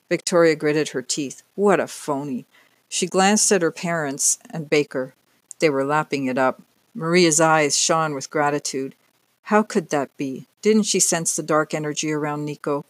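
An audiobook narrator with an even, clear delivery. The voice sits at a middle pitch. The recording is dry and close. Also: moderate pace, no echo. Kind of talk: scripted narration.

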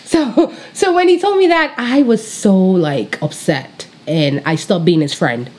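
Bubbly Nigerian woman pastor, lively pitch. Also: a little slow. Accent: Nigerian, with British influence. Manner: bubbly, animated, laughs often, speaks straight to viewers. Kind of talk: personal faith testimony, casual storytelling.

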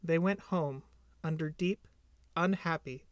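Male podcast reader, gentle storybook narration, dry close sound. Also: on the high side, takes it slowly, no echo. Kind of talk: storybook reading.

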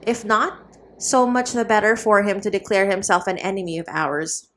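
A woman's voice: mid-range voice, moderate pace, a bit bright, lightly acted. A woman voicing a sick, aged, gloomy male friar who talks in a weary, sighing way. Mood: scheming.

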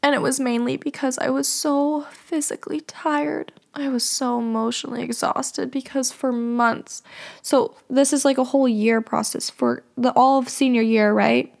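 A young woman with a somewhat high-pitched voice hosts her own podcast. She speaks candidly and emotionally, often turning to address her listeners directly. Her talk is loose and full of fillers. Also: fairly even intonation, moderate pace, gravelly. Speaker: podcast host. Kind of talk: confessional solo podcast monologue.

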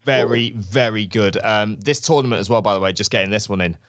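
A man co-hosting a wrestling chat show, enthusiastic and jokey in a relaxed conversational way. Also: lowish voice, a little fast. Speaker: wrestling podcast co-host. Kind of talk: casual chat.

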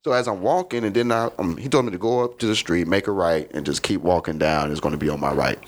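A man's voice: deep voice, quick pace. A man from Chicago, a comedian guest in a podcast studio, telling a rambling, profane story in a casual way and often asking "you know what I mean".

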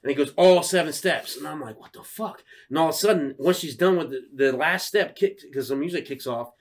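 A man in his thirties, a podcast co-host, telling an animated, swear-filled story in casual chat and acting out the quotes. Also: on the high side, brisk.

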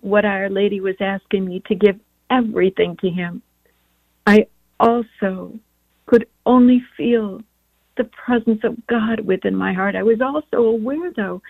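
A woman's voice: medium pitch, no echo. A middle-aged woman giving an earnest, devout personal testimony as a guest on a religious radio show. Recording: tinny phone line.

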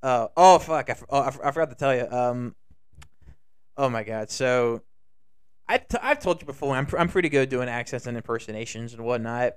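A man's voice: mid-range voice, a little fast, clear, resonant tone, no echo, studio quality. A young man co-hosting a podcast in casual chat, rambling and swearing with lots of restarts. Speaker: podcast co-host.

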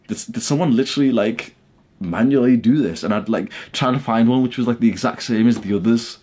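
Blunt, husky-voiced young man. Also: mid-range voice, dark tone. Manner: blunt, swearing, heated rants. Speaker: YouTuber. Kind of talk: casual talk to camera. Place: his bedroom at home.

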